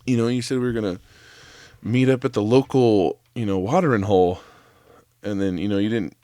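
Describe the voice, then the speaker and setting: A man's voice: fairly low pitch, fairly quick, warm tone, no echo, clean studio sound. A man ranting casually on a solo podcast, profane and rambling, full of fillers and restarts. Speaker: podcast host; former chef.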